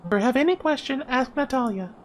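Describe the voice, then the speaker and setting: A woman voicing an eager, chatty six-year-old girl in a game, speaking in a bubbly, excited way. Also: high voice, fast, music in the background, voice pushed up. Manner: excited, bubbly, broken grammar when reading. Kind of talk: voice-acting a game.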